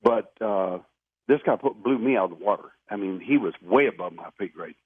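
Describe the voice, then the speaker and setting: Over a tinny, dry phone line with no echo, a man being interviewed tells his stories earnestly and emphatically in a phone-in. His fairly low voice is animated and fairly quick, with a breathy edge.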